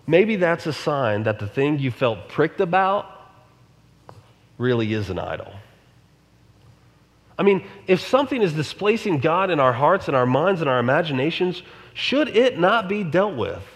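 A man's voice: fairly high pitch, big pitch swings, a little slow, long pauses, a bit bright, big-room sound. A male pastor preaching a sermon in a conversational way, often asking the congregation rhetorical questions.

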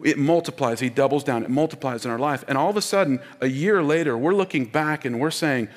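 A man's voice: medium pitch, animated, brisk, hardly any pauses, a faint crowd, a little hiss or hum. A man preaching a sermon as pastor, emphatic, leading the congregation in call-and-response. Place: church auditorium. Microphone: wearing a mic. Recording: long hall reverb.

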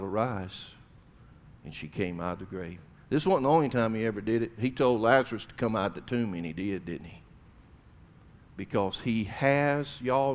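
A man preaching a sermon, swinging between loud emphasis and hushed tones. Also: mid-range voice.

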